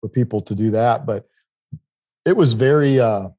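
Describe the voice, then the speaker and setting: Here a middle-aged man from South Dakota, United States, recounts a travel tale in relaxed chat, rambling and restarting as he goes. His medium-pitched voice is warm and moves at a moderate pace.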